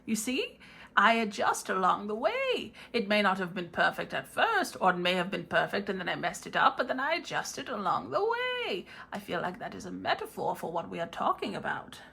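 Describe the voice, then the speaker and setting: A woman's voice: medium pitch, wildly swooping pitch, moderate pace, gravelly, pushed and bright, a little hiss or hum, heavily acted. A woman voicing a cheerful, rambling male wizard puppet in a playful tarot reading, with a theatrical manner that slips into a posh put-on accent.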